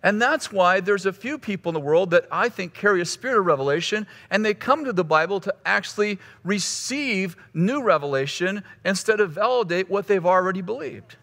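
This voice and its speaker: A man's voice: sits high, lively intonation, brisk, hardly any pauses, fairly bright tone. A male pastor teaching a course session in a conversational, teasing way, often restarting his phrases. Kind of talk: teaching sermon with humor. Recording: long hall reverb.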